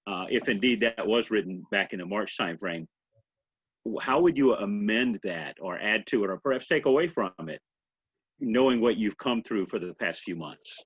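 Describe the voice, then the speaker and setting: A very low-pitched man with a husky voice asks an interview question in a measured, slightly halting way. The recording is dry and dull, with a lo-fi edge. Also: expressive, a bit bright, no echo. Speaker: podcast host.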